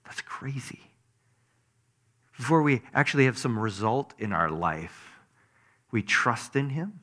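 Male preacher, mid-pitch, lively sermon delivery, quizzes the congregation, shifts loud to hushed. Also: a little slow. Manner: animated, asks the audience questions, swings between loud and hushed.

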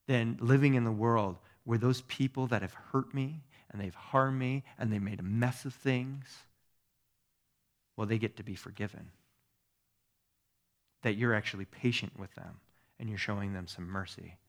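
A male pastor delivers a sermon in an easy, conversational teaching style, with a voice of ordinary middle pitch. He keeps checking in with his listeners through quick tag questions. His delivery moves between hushed asides and sudden emphatic stresses. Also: creaky.

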